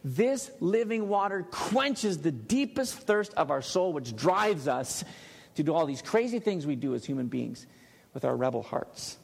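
A male pastor preaching a sermon in a church, emphatic and dropping to a hush on key words. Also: a little high, sing-song, measured pace, creaky, slightly rough. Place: church sanctuary. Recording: long hall reverb.

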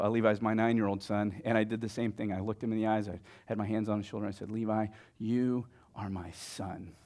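A man in his thirties preaching a sermon as a pastor, telling stories conversationally and swinging from booming lines to hushed, near-whispered ones. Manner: conversational, many fillers like "like" and "right".

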